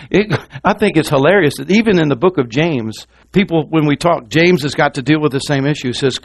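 Man, pastor, sermon, slightly high voice, dry recording, big swings in volume. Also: lively intonation, fairly quick, hardly any pauses, no echo.

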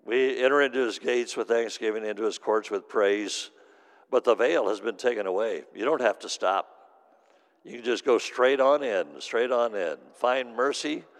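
A middle-aged man preaching a sermon as pastor, telling stories and swinging from hushed to loud. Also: mid-range voice, normal speed. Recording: long hall reverb.

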